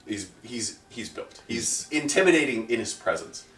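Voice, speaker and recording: A man's voice: mid-range voice, expressive, normal speed, a bit bright, slight background noise. A man as game master, narrating a tabletop game in a descriptive, rambling way. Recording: roomy, mic far off.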